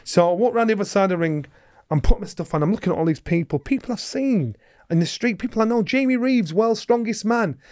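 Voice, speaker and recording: A man tells stories as an interview guest, his voice sitting a little high. He acts out the others in his tales and gets loud at the peaks, talking with real animation. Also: lively intonation, quick pace. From England. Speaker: guest, former boxer. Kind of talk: animated storytelling.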